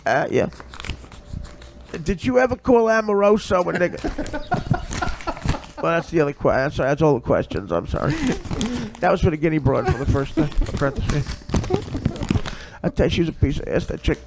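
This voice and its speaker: A man's voice: on the high side, very animated, moderate pace, gravelly, pauses often. A man doing a comedic impression of a rambling, bumbling show regular who stumbles over crude questions and corrects himself. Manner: stumbling, self-correcting, giggling. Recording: noisy recording.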